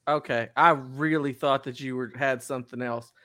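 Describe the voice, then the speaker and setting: A man's voice: mid-range voice, moderate pace, no echo. A man co-hosting a podcast in casual chat, telling stories with lots of energy and laughter. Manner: animated storyteller, laughs often. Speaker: podcast co-host.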